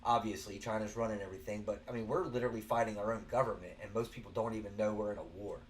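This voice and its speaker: A show host with a Southern American accent gives earnest, rambling commentary, restarting often, in casual spoken style. He talks very fast in a steady, lowish voice, with slight background noise in the recording.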